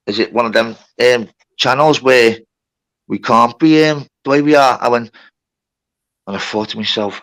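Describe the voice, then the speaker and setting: A man's voice: medium pitch, normal speed, a bit bright. A man telling a long story on a livestream, with lots of swearing and reported speech. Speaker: livestream host. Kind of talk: casual storytelling.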